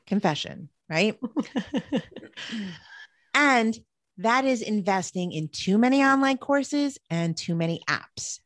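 A woman's voice: medium pitch, lively intonation, slow pace, pauses often, dry recording. A woman co-hosting a marketing podcast, reading prepared points in an upbeat way. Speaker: podcast co-host. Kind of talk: scripted podcast chat.

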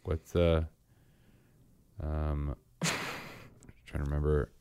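A man's voice: rumbling low, little pitch movement, very slow, gravelly, a little mellow, smooth. A man co-hosting a podcast, casual and teasing, counting down playful reveals. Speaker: podcast co-host. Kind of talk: casual chat.

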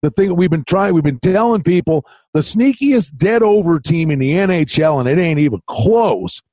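A man co-hosting a sports betting podcast in casual chat, an animated storyteller who acts out other people's lines. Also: fairly high pitch, normal speed, dry recording. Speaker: podcast co-host.

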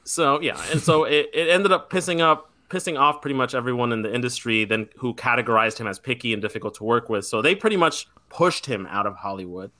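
Bright-voiced man hosting a podcast. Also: medium pitch, fast, few pauses, dry recording. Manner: rambling storytelling with many fillers. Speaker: podcast host. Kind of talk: casual chat.

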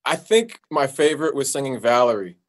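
A male singer talking in a relaxed, easygoing way as an interview guest. His voice sits in an ordinary middle range, and his speech is loose and full of fillers. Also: medium pitch, a little fast. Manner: relaxed, laid-back, with fillers and playful sung bits. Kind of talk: casual interview chat.

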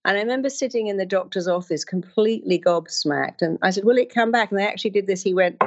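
A woman speaking as a therapist gives a motivational talk built on personal stories, acting out the voices of the people in them. She talks fast at a medium pitch, and the recording has its highs cut off with a little hiss or hum.

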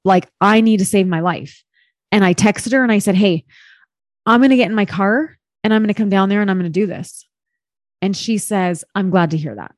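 A woman of middle pitch telling a story in a loose, candid way, peppered with "like" and the odd swear word. Her voice is recorded close and dry, with no room sound around it. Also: brisk, dry recording. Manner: candid and expressive, swears, heavy use of "like". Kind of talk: casual storytelling chat.

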